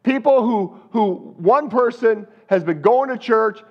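Animated, high-voiced male pastor. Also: measured pace, muffled recording. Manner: animated storytelling, asks the crowd questions. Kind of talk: sermon.

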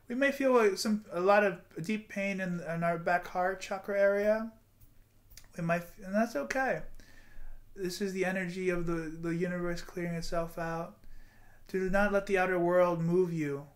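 A man's voice: sits high, steady tone, normal speed. A man in his twenties giving an earnest, rambling motivational vlog monologue with guided breathing and affirmations. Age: 20s. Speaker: vlogger.

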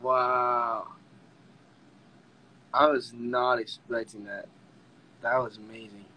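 Bright, emotional young man on a livestream. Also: mid-range voice, steady tone, breathy edge, rough recording. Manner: emotional, laughing, halting restarts. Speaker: livestream host. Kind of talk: casual livestream chat.

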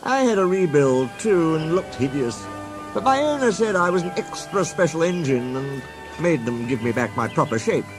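A man's voice: a little high, animated, moderate pace, music in the background, pitched above the performer's own voice, close to an everyday voice. A man voicing a famous, worldly male express engine who talks in a friendly, knowing way.

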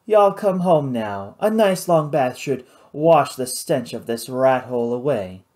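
A reader voicing an arrogant, well-dressed Creole man in his forties who speaks with smooth, mocking disdain. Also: medium pitch, animated, unhurried, darkish tone, lightly acted. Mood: contemptuous.

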